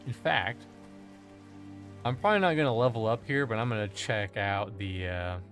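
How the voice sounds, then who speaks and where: Faint music sits behind a man whose fairly low voice has a fairly bright tone as he streams a game at normal speed. His casual commentary is rambling, full of jokes and profanity.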